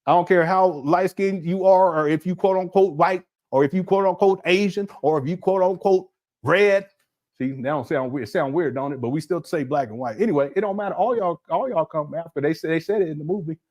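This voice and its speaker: A man's voice: fairly high pitch, brisk, darkish tone. A man, giving a loose, conversational monologue full of laughs and restarts. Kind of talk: casual monologue.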